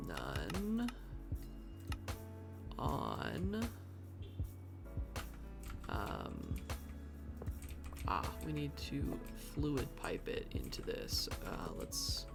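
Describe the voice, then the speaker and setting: Over background music and the clatter of a keyboard, a streamer with a gravelly, medium-pitched voice comments on live gameplay. They mutter to themself and complain about their own errors.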